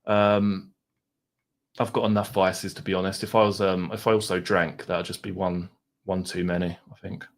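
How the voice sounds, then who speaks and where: A man's voice: deep voice, level tone, normal speed. Chatty Essex man hosting a livestream. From Essex, England. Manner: chatty, self-deprecating, muses aloud. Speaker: livestream host. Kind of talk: casual livestream chat reading comments. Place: home.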